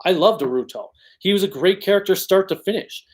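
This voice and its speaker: A fairly high-voiced man talks through viewer questions on a casual livestream. He rambles and corrects himself, with plenty of ums between thoughts. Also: a little fast. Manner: chatty, rambling, many ums and self-corrections. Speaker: channel host answering viewer questions.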